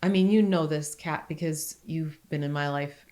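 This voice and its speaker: A woman's voice: normal speed, darkish tone. A middle-aged woman co-hosting a podcast, speaking in an earnest, emphatic conversational way. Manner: earnest and emphatic, rising in pitch when making a point. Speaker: podcast co-host.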